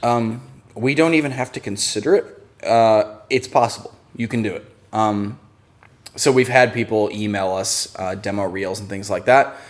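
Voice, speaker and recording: A man hosting a casual live-stream chat, jokey and quick to laugh. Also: mid-range voice. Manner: chatty, laughs often, jokey. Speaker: host of a channel live stream.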